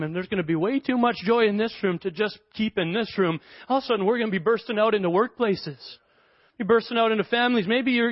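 A male pastor preaching a sermon, telling stories in an animated way and laughing often. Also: high voice, no room sound. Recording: dull lo-fi dry sound.

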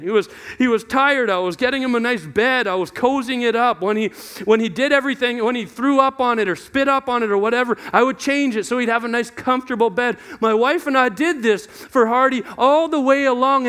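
A man's voice: extremely high pitch, a bit bright. A young adult man preaching a conversational sermon, questioning himself aloud and acting out voices in quotes. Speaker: pastor.

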